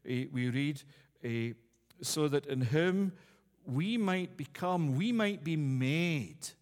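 A man's voice: medium pitch, in a large hall. A man preaching a communion sermon in a church, earnest and repeating key phrases for emphasis. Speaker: pastor.

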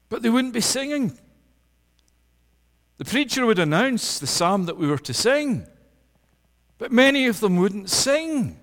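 A man's voice: sits high, big-room sound. A middle-aged man preaching a sermon, emphatic, building lists with rising force. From Scotland. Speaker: pastor.

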